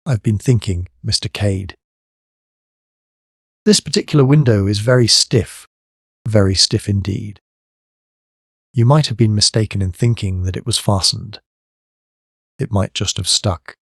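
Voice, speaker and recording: A shrewd middle-aged police superintendent, measured and quietly firm, as a male narrator reads him. His low voice stays even and dry in a close storybook reading. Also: vocal fry, dry recording, heavily acted. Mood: steady.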